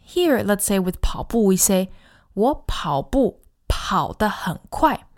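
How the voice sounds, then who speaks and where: Woman, podcast language teacher, friendly, explanatory, models phrases slowly. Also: medium pitch, sing-song. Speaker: co-host and Chinese teacher.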